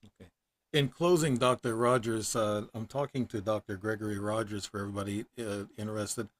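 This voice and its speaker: A man's voice: fairly low pitch, steady tone, a little fast. A man hosting an interview show, asking long stumbling questions in casual talk. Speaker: podcast host.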